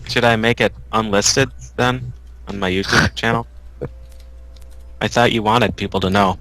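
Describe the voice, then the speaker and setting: A man co-hosting a casual chat show, trading deadpan jokes. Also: fairly low pitch, moderate pace, low-quality recording. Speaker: podcast co-host.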